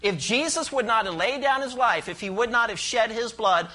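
A pastor preaching a sermon, expressive and questioning the congregation, explaining scripture verse by verse. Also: medium pitch, moderate pace. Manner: explains Greek words and cites verses.

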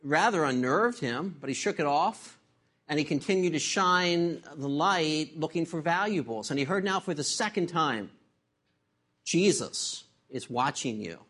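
A man's voice: on the high side, lively intonation, normal speed, a bit bright. A male pastor delivering a sermon, opening with a joke and closing in prayer. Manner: tells a joke, then preaches and prays.

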